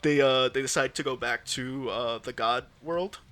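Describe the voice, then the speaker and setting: A young man with a bright, forceful voice, chatting on a casual podcast. He retells scenes in an animated, joking way and throws in quick one-liners. His pitch sits in a middle range. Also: faint music behind. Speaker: podcast co-host. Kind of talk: casual chat recapping an anime.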